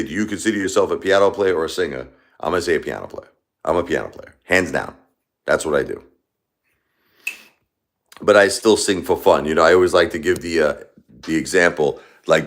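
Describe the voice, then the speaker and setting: Man, 40s, very deep voice, grieving live-stream host, rambling and confessional. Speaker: livestream host. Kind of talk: live-stream talk to viewers. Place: his home, alone.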